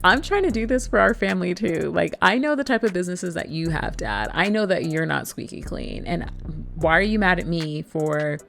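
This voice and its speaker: A woman's voice: fairly low pitch, big pitch swings, normal speed, creaky, a bit bright, faint music behind, exaggerated voice. A woman doing a defensive young daughter. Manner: defensive, exasperated.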